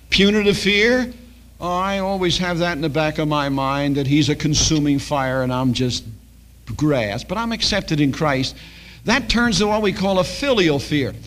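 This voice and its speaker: A man's voice: a little high, fairly bright tone. An older man preaching a sermon as a pastor, telling stories and acting out the dialogue.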